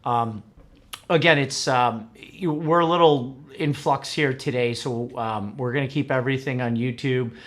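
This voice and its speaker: A man's voice: medium pitch, a little slow. A middle-aged man from upstate New York, hosting a casual livestream chat with lots of fillers. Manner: relaxed, chatty, frequent fillers. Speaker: host.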